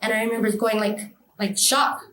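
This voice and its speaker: A woman's voice: fairly high pitch, steady tone, normal speed, fairly bright tone, echoey room, low-quality recording. A woman telling a personal experience in an interview, emotional and vivid, acting out the voices of others. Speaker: interview guest.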